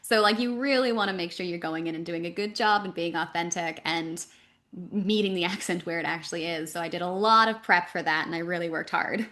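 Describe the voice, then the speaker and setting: Woman, from Canada, voice actress, interview guest, animated, filler-heavy casual talk. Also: lowish voice. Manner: animated, talks in quick runs with fillers.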